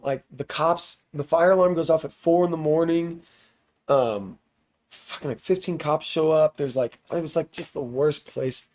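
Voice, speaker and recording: A man's voice: mid-range voice, a little mellow. A man guesting on a podcast, telling a tour story in a loose, profane, rambling way full of "like" fillers. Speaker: podcast guest, touring band musician. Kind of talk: casual storytelling.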